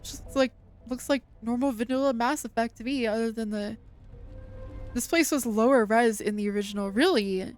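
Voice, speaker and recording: A woman's voice: fairly high pitch, moderate pace, faint music behind. A woman streaming a game, recapping the story in casual chat with loose swearing and quoted bits of dialogue. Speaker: VTuber streamer. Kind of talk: casual gameplay commentary.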